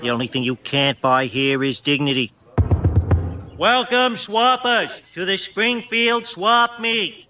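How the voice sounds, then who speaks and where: An actor voicing a corrupt, pompous cartoon mayor with a broad Boston drawl. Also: male voice, high-pitched, animated, slow. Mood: sneering. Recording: clip with crowd and noise.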